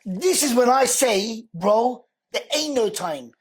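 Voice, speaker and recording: A man, a podcast guest telling an emotional personal story in an animated, slangy way, repeating words for emphasis. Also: very high-pitched, takes it slowly, slightly rough.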